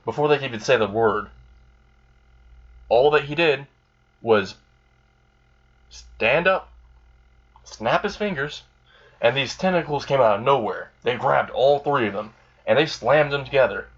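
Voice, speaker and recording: A man's voice: mid-range voice, unhurried, long pauses, highs cut off. A man casually narrating an improvised fan story, rambling and filling gaps with "like" and "you know".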